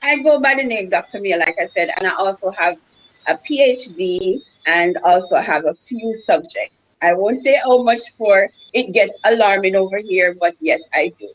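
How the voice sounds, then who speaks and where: A woman guest on a live talk show introducing herself in a relaxed, slightly halting way. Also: mid-range voice, dull audio, slight background noise.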